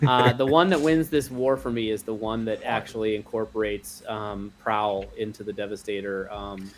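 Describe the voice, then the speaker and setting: Lowish man talking haltingly. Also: fairly even intonation, a little hiss or hum. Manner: hesitant, lots of ums and restarts. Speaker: panel guest. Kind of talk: casual panel chat.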